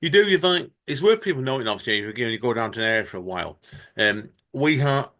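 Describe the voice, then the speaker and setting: A man's voice: medium pitch, expressive, fast, a bit bright. A man hosting a podcast, chatting in a rambling, friendly way. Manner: rambling, friendly, laughs often. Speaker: podcast host. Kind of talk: casual chat.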